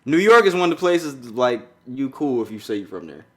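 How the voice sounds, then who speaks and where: Lively swearing man. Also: medium pitch, a little fast. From Georgia. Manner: loud, swearing, laughing banter. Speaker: podcast co-host. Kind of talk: casual chat.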